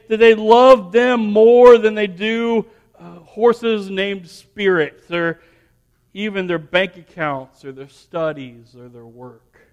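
Male pastor, high voice, rambling anecdote with restarts that builds to firm preaching, long hall reverb. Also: clean tone, highs cut off. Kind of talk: sermon with personal story.

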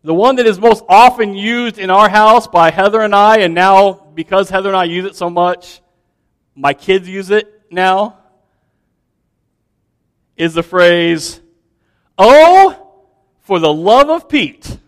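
A man with a high voice preaches in a church, his words trailing off into a long hall reverb. He talks casually and animatedly, addressing the congregation with frequent restarts and asides. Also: steady tone, unhurried, clean tone. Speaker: pastor. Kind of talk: sermon.

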